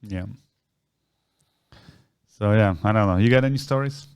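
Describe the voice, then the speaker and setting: A man co-hosting a podcast, casually retelling a story and acting out the voices of the people in it with big jumps in pitch. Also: unhurried, a little mellow, smooth. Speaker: podcast co-host.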